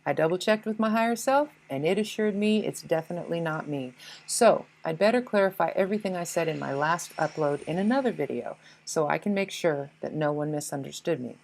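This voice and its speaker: A woman's voice: deep voice, brisk, creaky, a little mellow, rough recording. A woman voicing a petty, defensive inner ego that blames everyone else, whiny and indignant, with swearing. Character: petty defensive ego voice, self-pitying, blaming others.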